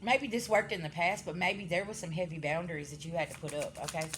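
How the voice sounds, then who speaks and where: Speaking quickly with fairly even intonation, this woman has a lowish, slightly bright voice over slight background noise. She's a card reader giving a casual spiritual reading, talking directly to viewers, scolding bluntly, swearing freely, and repeatedly asking "okay?"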